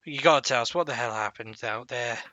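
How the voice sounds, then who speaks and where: A man voicing a gruff old male half-orc right-hand man with a bit of a Cockney accent, blunt and brusque. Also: mid-range voice, fast talker, pushed and bright, no room sound, lightly acted. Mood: urgent. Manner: blunt, brusque, swears freely.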